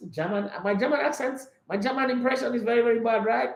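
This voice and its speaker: Man, football show host, high voice, animated and emphatic, echoey room. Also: fast talker, gravelly. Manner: animated, emphatic, rhetorical questions. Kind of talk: opinionated football commentary. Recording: roomy echo.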